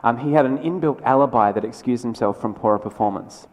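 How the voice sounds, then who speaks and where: Man giving a keynote. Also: mid-range voice. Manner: conversational and energetic, with quick asides and restarts. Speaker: keynote speaker. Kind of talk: conference keynote talk. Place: large lecture hall. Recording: lecture hall with long reverb.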